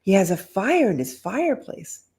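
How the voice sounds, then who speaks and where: A woman voicing a tall girl dressed as a witch, hushed and hopeful. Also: medium pitch, sing-song, normal speed.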